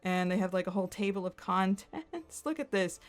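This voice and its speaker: A young adult woman streaming from her computer, chatting casually and excitedly, rambling with lots of fillers and frequent giggles. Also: medium pitch, normal speed. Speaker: streamer reacting to content. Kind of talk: casual chat while screen-sharing.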